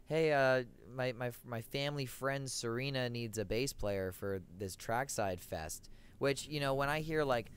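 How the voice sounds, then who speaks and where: A man's voice: mid-range voice, a little slow, hardly any pauses, smooth. A young man, a podcast guest and musician, chatting casually and acting out quoted voices as he tells a story.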